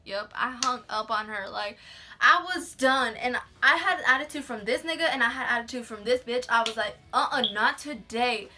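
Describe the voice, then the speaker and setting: Young woman, casual storytime vlog, chatty, swears a lot, slightly high voice. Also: normal speed, sharp tone. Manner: chatty, swears a lot, acts out quoted people. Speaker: vlogger telling a story.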